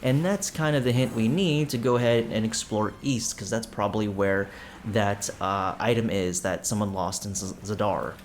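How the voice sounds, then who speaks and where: A man's voice: fairly low pitch, moderate pace, a little hiss or hum. A man casually commenting on a video game playthrough, joking and offhand with frequent hesitant fillers. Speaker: let's play host. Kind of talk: gameplay commentary.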